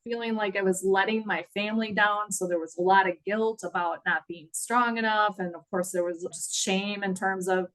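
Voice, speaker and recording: A woman's voice: medium pitch, steady tone, moderate pace, hardly any pauses, fairly bright tone, rough recording. Reflective middle-aged woman, emotional. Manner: earnest, reflective, laughs at times. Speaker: guest. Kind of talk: candid interview storytelling.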